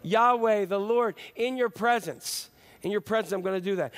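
Casting: male pastor, high voice, chatty animated sermon delivery. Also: moderate pace. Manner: conversational, animated preaching with acted-out quotes.

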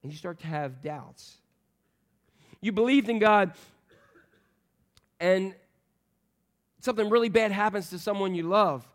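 A male pastor with a fairly high voice, preaching to his congregation. He is animated and joking, and he slips into playful voices for the people in the story. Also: a little slow, pauses often. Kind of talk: sermon.

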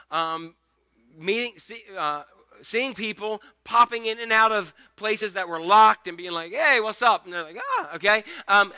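Male pastor, casual animated sermon delivery; high-set, very bright tone. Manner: conversational and animated, acting out the scripture scenes.

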